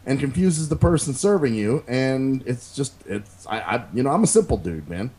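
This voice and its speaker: Animated, swearing man telling a story. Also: medium pitch, moderate pace. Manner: animated storyteller, acts out quotes, curses freely. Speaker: podcast co-host. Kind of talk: casual profane chat.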